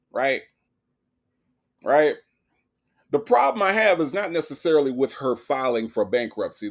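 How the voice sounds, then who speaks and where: A man hosting a live stream, giving emphatic commentary and answering his chat, checking in with "right?" again and again. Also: medium pitch. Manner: emphatic, keeps asking "right?".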